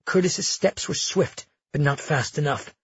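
A man narrating a fantasy audiobook in a steady, measured way. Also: fairly high pitch, breathy edge, no room sound, highs cut off.

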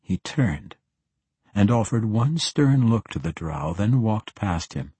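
Low, husky male audiobook narrator. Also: sing-song, takes it slowly, mellow, dry recording. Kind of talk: scripted fantasy narration.

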